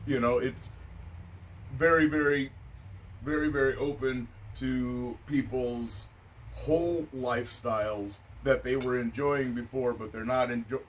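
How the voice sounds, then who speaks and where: A man's voice: mid-range voice, fairly even intonation, measured pace. A man hosting a casual chat, musing in a laid-back way with many filler phrases. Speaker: podcast host. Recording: distant mic with faint noise.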